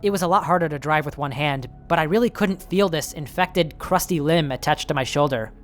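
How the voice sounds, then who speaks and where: A man's voice: on the high side, a little fast, faint music behind. A man reading a horror story aloud in the first person, in a nervous, self-justifying telling. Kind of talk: scripted horror story narration.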